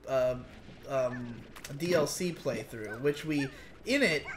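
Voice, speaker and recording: A man's voice: mid-range voice, animated, slow pace, a little hiss or hum. A man rambling and restarting his sentences as he co-hosts a casual gaming chat. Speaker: co-host.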